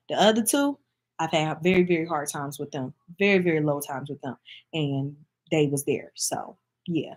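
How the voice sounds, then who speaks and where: A woman's voice: deep voice, normal speed. A woman from Michigan chatting casually to camera as a vlogger, speaking in an emphatic, heartfelt way and addressing her viewers directly.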